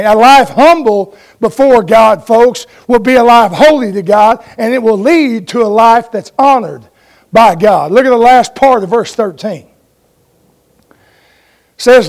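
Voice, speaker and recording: A man preaching a sermon in a folksy way, telling stories and asking his congregation for an amen. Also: very high voice.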